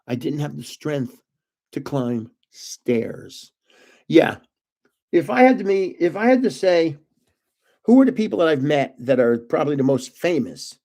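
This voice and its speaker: A man's voice: on the high side, very animated, unhurried, warm tone. Older man, rambling anecdotes, chuckles, casual chat. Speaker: channel host. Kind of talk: casual storytelling.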